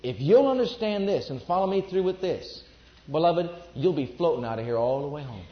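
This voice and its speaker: A man's voice: fairly high pitch, lively intonation, a little fast. A man preaching a sermon to a congregation, emphatic and repeating his declarations. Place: church before a congregation. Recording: echoey, dull lo-fi recording.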